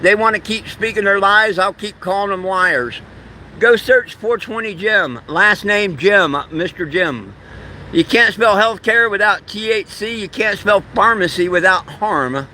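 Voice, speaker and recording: A man's voice: high voice, a little slow, pushed and bright, slight background noise. Combative man answering trolls on a live stream. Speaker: livestream host. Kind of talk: live stream chat, reading comments.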